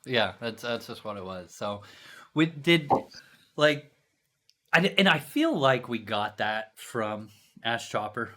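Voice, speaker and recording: A man hosting a podcast, telling gaming stories in a casual chat, animated, with lots of "right?" and "you know". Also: mid-range voice, slow. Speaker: podcast host.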